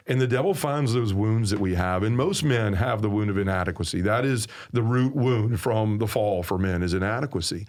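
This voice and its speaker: A man's voice: fairly low pitch, a little fast, few pauses, a little mellow. A man with a Southern US accent, a podcast guest giving an earnest, preacherly personal testimony.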